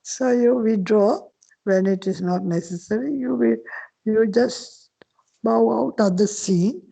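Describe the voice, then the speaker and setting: A woman's voice: a little high, gravelly, warm tone, slightly rough, low-quality recording. An older woman, a Buddhist nun, patiently explaining teachings in a dharma talk, sometimes dropping to a whisper. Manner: slow, patient explaining with Pali terms, occasional whispered phrases.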